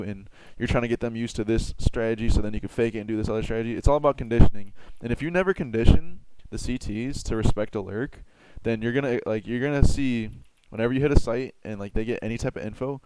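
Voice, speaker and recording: Low-voiced man rambling strategy tips. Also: darkish tone, smooth, dry recording. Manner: rambling, heavy on "like" fillers, swears casually. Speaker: gamer giving strategy tips. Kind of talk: casual tutorial talk.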